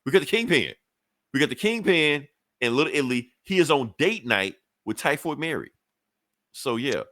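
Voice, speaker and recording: A man's voice: on the high side, sing-song, normal speed, fairly bright tone, dry recording, clean studio sound. A man hosting a podcast, retelling a comic book issue in loose, profane, chuckling casual chat. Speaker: podcast host.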